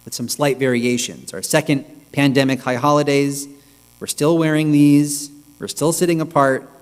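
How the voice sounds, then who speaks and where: A male rabbi giving a reflective, measured sermon, with pauses, in a synagogue sanctuary. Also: fairly high pitch, fairly even intonation, clean tone. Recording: long reverb with mains hum.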